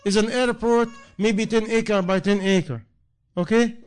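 A man's voice: sits high, fairly even intonation, measured pace, darkish tone, clear, resonant tone. Earnest preaching man. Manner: earnest, repetitive rhetorical questions, non-native grammar. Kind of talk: sermon.

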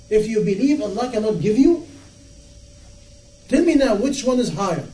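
Impassioned high-voiced preacher in echoey room. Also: male voice, expressive, normal speed, long pauses, dark tone. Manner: impassioned, rhetorical questions, acts out dialogue. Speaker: Islamic preacher. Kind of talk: sermon. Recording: echoey room, from far off, faint noise.

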